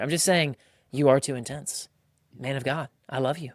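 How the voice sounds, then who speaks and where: A thirty-something man hosts a casual podcast conversation at a moderate pace, his pitch sitting in the middle range. The studio sound is clean with no room sound. He tells animated stories, voices other people's quotes, and says "like" and "bro" often.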